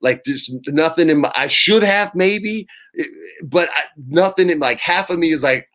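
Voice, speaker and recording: A man in his forties, the guest of an interview, telling lively, laughing anecdotes in casual chat. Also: a little high, normal speed. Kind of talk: casual storytelling.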